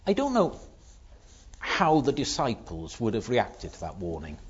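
A man's voice: mid-range voice, wildly swooping pitch, measured pace, husky. A man preaching a sermon, explaining patiently and asking rhetorical questions. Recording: dull lo-fi recording.

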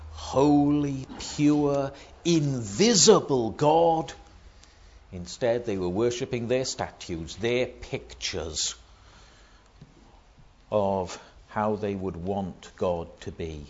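Male preacher, slow and emphatic, mid-pitched, muffled recording. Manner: emphatic, rising to loud stresses on key words. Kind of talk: sermon.

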